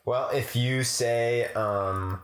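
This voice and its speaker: A man's voice: mid-range voice, extremely slow. A young man co-hosting a podcast, chatting casually with an easygoing, wry manner and frequent laughs. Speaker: podcast co-host. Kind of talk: casual chat. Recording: roomy echo.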